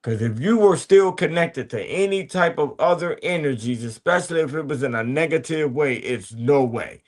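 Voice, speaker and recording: A man's voice: fairly high pitch, animated, moderate pace. A man hosting a podcast, giving a blunt, profane motivational talk full of street slang and repeated asides to his listeners. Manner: blunt and profane, preachy street talk with many "you hear me". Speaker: podcast host. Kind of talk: casual motivational monologue.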